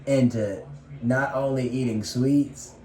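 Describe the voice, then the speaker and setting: A man's voice: medium pitch, steady tone, slow, mellow. A man co-hosting a home snack vlog, chatting casually and rambling, often repeating "like I said". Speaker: vlogger co-host. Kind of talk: casual chat while eating. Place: home, indoors. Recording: echoey room.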